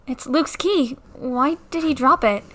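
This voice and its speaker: A woman's voice: sits high, measured pace, a bit bright. A young woman casually commenting on a game at home into a new mic, playfully reading the dialogue aloud and joking about it. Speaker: let's play creator. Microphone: new desktop mic.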